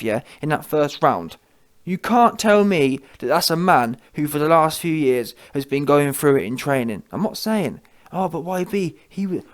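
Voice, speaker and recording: Brash male boxing commentator, slangy and opinionated, voice sitting a bit high. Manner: brash, slangy, keeps asking "yeah?".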